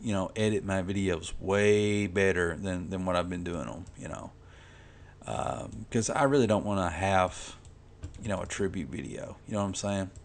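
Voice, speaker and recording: A man's voice: deep voice, moderate pace, creaky. A man who makes comics, talking casually and rambling while he colors, with lots of "you know" and restarts. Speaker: comic artist vlogger.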